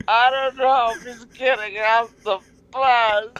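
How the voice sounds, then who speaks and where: A man voicing a weepy middle-aged woman from a reality show, speaking in a high, tearful, drawn-out wail. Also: steady tone, fairly bright tone, highs cut off, slight background noise, heavily acted. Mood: tearful, anxious.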